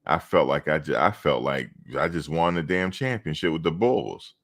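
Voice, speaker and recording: Here a reaction streamer speaks with a very deep but fairly bright voice at a normal speed. He chats casually, rambling through stories on the livestream and talking directly to his viewers in chat.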